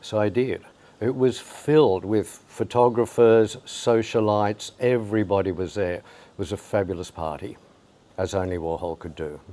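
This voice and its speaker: A man's voice: on the low side, fairly even intonation, normal speed, dark tone. An older man, a photographer, recounting anecdotes from his career in an interview, acting out the voices of people he quotes. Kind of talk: storytelling interview.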